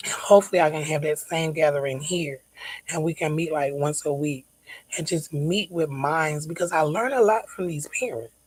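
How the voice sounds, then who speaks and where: A woman's voice: deep voice, moderate pace, a little mellow, breathy edge, dry recording, low-quality recording. A woman vlogging as a mother. She talks in an emphatic, venting way, repeats words for stress and sometimes drops to near-whispers. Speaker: mother vlogging about her child's diabetes. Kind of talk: casual venting vlog.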